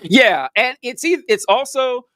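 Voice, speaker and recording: High-voiced man in casual chat. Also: a little slow, dry recording. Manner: laughs often, animated banter. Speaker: podcast co-host. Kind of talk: casual chat ranking quotes.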